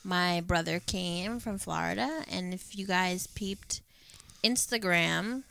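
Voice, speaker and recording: A woman's voice: fairly low pitch, slow pace, gravelly. A woman in her thirties co-hosting a casual podcast, telling family stories with lots of laughter. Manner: animated storytelling, laughs often, acts out family quotes. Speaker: podcast co-host. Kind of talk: casual chat.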